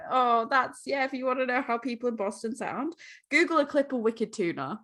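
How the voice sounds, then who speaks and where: An American woman from New England, co-hosting a podcast, telling stories in a laughing, animated way with the odd swear word. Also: fairly high pitch, fairly quick. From New England, USA. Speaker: podcast co-host. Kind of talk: casual chat.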